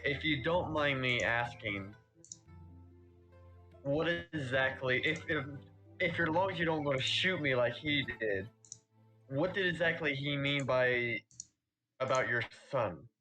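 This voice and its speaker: A man's voice: mid-range voice, takes it slowly, pauses often, sharp tone, faint music behind. A man voicing a curious, blunt woman companion in a tabletop game, asking hesitant questions.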